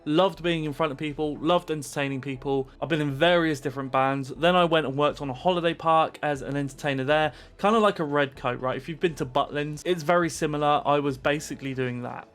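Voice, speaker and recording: A man giving streaming advice straight to camera with pumped-up, animated energy. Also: on the high side, a little fast, few pauses, soft background music.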